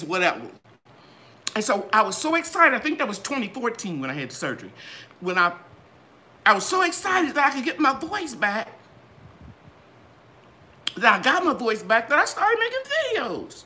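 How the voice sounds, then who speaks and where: An older woman talks to her viewers in a live gardening Q and A. Her voice swoops up and down in a sing-song way. Her tone is bright and ringing, like a trained singer's. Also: moderate pace, pauses often. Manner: animated, sing-song ups and downs in pitch. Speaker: gardening channel host. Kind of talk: live Q and A chat.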